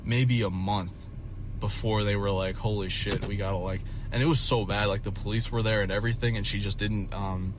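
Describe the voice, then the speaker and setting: A man's voice: lowish voice, steady tone, a little fast, noisy background. A man telling a story in a casual vlog, rambling and swearing often, with many fillers. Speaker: vlogger.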